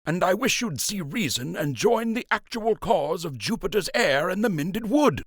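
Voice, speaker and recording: A man voicing a calm, principled male rabbit uncle, earnest and pleading. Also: high voice, moderate pace, no echo, studio quality, voice pushed up. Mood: indignant.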